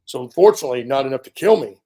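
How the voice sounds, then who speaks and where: An American man in his fifties, a veteran guest on an interview, telling a story in a casual, animated way and filling pauses with ums and you-knows. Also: medium pitch, slightly rough. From United States. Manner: animated storyteller, acts out quoted dialogue, frequent fillers.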